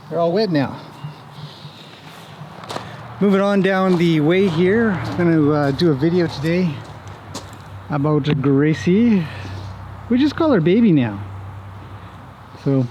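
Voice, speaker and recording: A chatty man with a slightly raised pitch, vlogging as he walks round a rural farm. He talks easily to the camera and fondly to the animals. Faint outdoor noise sits behind him. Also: a little mellow. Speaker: horse trainer vlogger. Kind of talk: casual walk-and-talk vlog.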